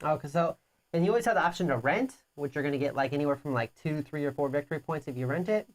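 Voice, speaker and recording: During a live board game playthrough, a low-voiced woman co-host talks at a quick pace. Between long explanations of the rules, she teases her opponent in easygoing chat.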